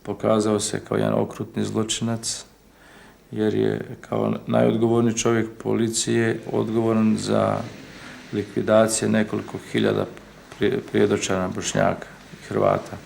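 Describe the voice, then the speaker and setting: A man, a judge, answering interview questions slowly and deliberately. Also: on the low side, completely flat delivery, vocal fry, darkish tone, slight background noise.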